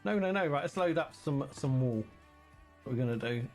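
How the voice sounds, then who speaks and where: A man's voice: mid-range voice, lively intonation, normal speed, soft background music. A man chatting casually and teasingly with viewers while streaming a farming game.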